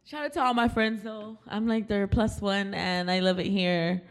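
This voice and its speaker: A woman's voice: mid-range voice, steady tone, normal speed. A young woman co-hosting a casual chat, speaking in a supportive, chatty way and swearing casually. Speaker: podcast co-host.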